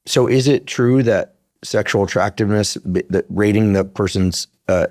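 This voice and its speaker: Low-voiced fifty-something man, blunt and chatty. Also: moderate pace, darkish tone, no echo, studio quality. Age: 50s. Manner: talkative, thinks aloud with restarts, blunt opinions. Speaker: podcast host. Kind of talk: casual interview.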